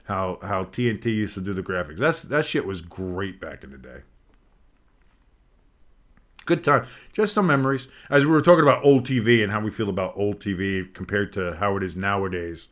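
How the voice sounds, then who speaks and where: A man giving casual play-by-play commentary on a game, rambling and swearing between plays and bursting out with excitement on big ones. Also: fairly low pitch, normal speed. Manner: rambling, swears, breaks off into nostalgic tangents. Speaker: play-by-play streamer.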